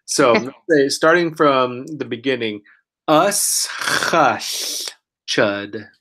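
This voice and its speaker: A male language teacher with a mid-range voice who speaks slowly and deliberately. He praises each attempt warmly and drags out every word he demonstrates. He sounds sick and keeps clearing his throat. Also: medium pitch, expressive. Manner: encouraging, praises often, models words very slowly. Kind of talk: one-on-one pronunciation lesson.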